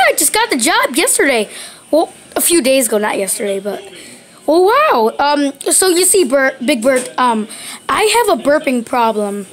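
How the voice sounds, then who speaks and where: A woman improvising a plush toy puppet skit. Her voice is high and bounces widely in pitch. She talks hesitantly, with many ums and restarts. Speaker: plush toy video maker.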